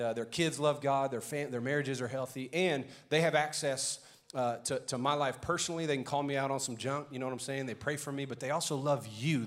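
Cajun male pastor, upbeat announcements voice, rallying the room. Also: mid-range voice. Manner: loud, rallying the congregation. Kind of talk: energetic church announcements.

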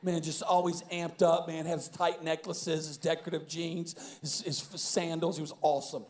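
A male pastor preaching a sermon, telling a story animatedly, with bursts of shouting and frequent restarts. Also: a little high, little pitch movement, moderate pace. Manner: many repeated words and restarts.

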